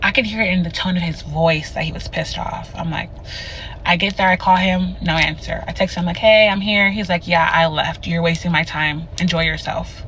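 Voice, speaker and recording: A woman's voice: on the low side, fairly even intonation, moderate pace, a bit bright, slight background noise, poor audio. A young woman talking casually to camera, candid and self-mocking about a date gone wrong. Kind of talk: casual vlog rant.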